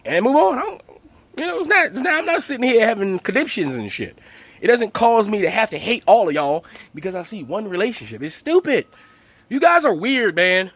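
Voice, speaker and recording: A man's voice: high-pitched, sing-song, brisk, fairly bright tone, dry recording. A man hosting his channel, delivering a profane, mocking comedic rant full of rhetorical questions. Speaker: channel host.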